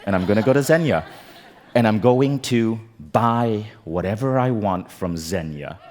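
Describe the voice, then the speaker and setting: Keynote speaker, man, forties, low-ish voice, animated comic storyteller. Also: moderate pace. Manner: animated, comic, acts out quotes. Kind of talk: storytelling stage talk. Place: conference stage.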